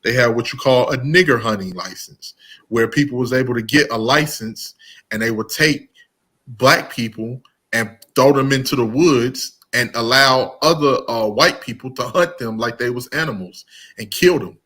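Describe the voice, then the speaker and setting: A man's voice: medium pitch, moderate pace, fairly bright tone. Guy ranting his views, blunt and emphatic, lots of restarts, middle voice. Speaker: host of commentary channel. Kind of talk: casual opinion talk.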